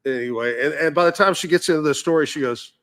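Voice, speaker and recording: A man's voice: fairly high pitch, fast, a bit bright. A man hosting a radio show, chatting casually and laughing often. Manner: chatty, laughs often, reads off music history notes. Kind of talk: casual on-air chat.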